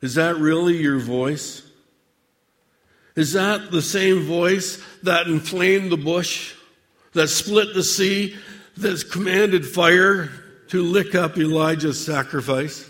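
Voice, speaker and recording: A man preaching a dramatic sermon monologue addressed to God, with measured, theatrical delivery and long pauses. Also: on the high side, a bit bright, big-room sound.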